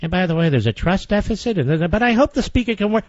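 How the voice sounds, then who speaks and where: A male talk radio host rants with sarcastic indignation, his voice swinging high and low. The sound is dry and close, though the broadcast audio comes through muffled and lo-fi. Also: animated, fast, hardly any pauses, dry recording. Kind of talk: combative political radio commentary.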